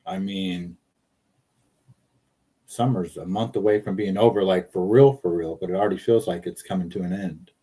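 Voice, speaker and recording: A man's voice: sits low, moderate pace, dark tone, slightly rough. A man hosting a casual livestream from his car, rambling and joking as he reads viewer comments aloud. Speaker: livestream host.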